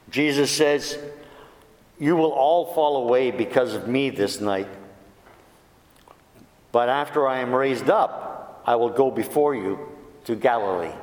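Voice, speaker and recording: Slow-speaking male deacon in echoey hall. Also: medium pitch. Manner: slow, reads scripture aloud with quoted dialogue. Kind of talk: sermon.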